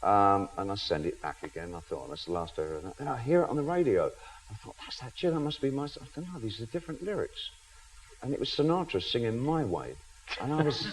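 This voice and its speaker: A man's voice: medium pitch, animated, brisk, darkish tone, husky, low-quality recording. A man in his fifties, a chat show guest in a television studio, telling self-mocking anecdotes and laughing through them. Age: 50s.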